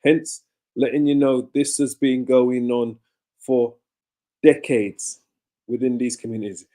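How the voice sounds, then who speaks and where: Male clip commentator with a mellow, dark tone who restates quotes and spells out their meaning. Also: mid-range voice, fairly even intonation, unhurried. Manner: explanatory, repeats and restates the quotes. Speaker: commentator on played clips. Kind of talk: commentary between clips.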